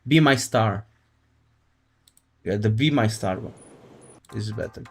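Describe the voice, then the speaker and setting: In a lowish, unhurried voice, a male livestreamer chats casually with his audience. He's laid-back and jokey, laughing as he reacts to the chat.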